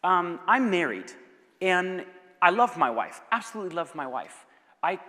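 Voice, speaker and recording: A passionate male preacher addressing students in a large hall, his voice fairly high and very lively as it swings from loud urgency to hushed intensity. A long reverb trails each phrase. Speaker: guest speaker. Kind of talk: passionate youth sermon with Q&A. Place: school assembly hall.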